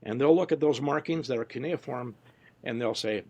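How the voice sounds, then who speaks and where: Speaking at medium pitch and a moderate pace, this man sounds a little mellow but also gravelly and husky, and the audio is dull. He is a researcher being interviewed who talks informally, tells stories, and frequently quotes people he met in their own voices.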